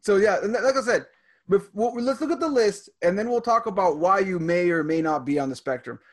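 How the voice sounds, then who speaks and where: A man's voice: high-pitched, expressive, brisk. A man who works as a teacher, chatting on a podcast, reading items from a list and adding stories from his classroom. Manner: reads items aloud and adds classroom stories.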